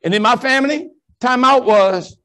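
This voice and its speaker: This keynote comes from a priest with a high-pitched voice, telling stories to a conference crowd in a large ballroom. He acts out all the quoted voices, moving between punchy, bright delivery and low, drawn-out punchlines in an animated, preacherly style.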